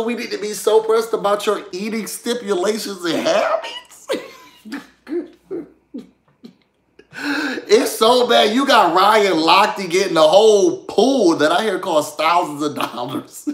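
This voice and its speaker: A high-voiced man gives an animated, gossipy reality-show recap in casual chat. He speaks straight to his viewers and asks them to dig for news. The room echoes noticeably around him. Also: a little slow, pauses often.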